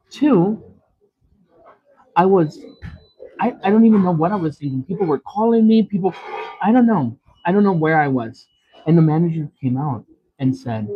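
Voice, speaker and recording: A man tells his viewers a dramatic story, exclaiming and repeating lines for effect. His voice sits slightly high and husky. The sound is thin and tinny, like a phone line. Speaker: mukbang vlogger. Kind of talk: animated storytelling vent.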